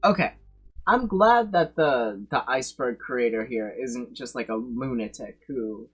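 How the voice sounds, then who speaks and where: Husky guy streamer reacting, swears a lot, gets loud fast. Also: medium pitch, faint music behind. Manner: swearing, loud bursts of excitement. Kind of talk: casual reaction commentary.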